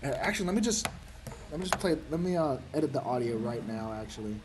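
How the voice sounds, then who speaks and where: A man's voice: medium pitch, lively intonation, fast, noisy background. A man streaming a game, telling a rambling, profane story with frequent laughs. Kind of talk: casual gaming chat.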